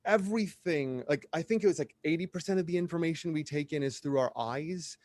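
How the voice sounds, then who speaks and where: A middle-aged man chatting as a podcast guest, rambling and animated, drifting off on tangents and finding his way back. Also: fairly high pitch, brisk, no room sound. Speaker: podcast guest, drag performer. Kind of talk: casual podcast conversation.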